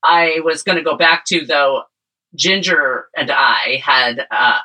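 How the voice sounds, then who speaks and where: A woman's voice: deep voice, slow pace, pushed and bright, low-quality recording. A woman co-hosting a podcast, a speech and debate coach, chatting in a matter-of-fact, opinionated way. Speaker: podcast co-host. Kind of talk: casual chat.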